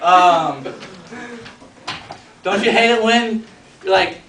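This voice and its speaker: A man's voice: high-pitched, slow, fairly bright tone, a little hiss or hum. A man doing a crude mock stand-up routine, rambling and asking the audience questions. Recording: echoey room from far off with a laughing audience. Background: audience laughter.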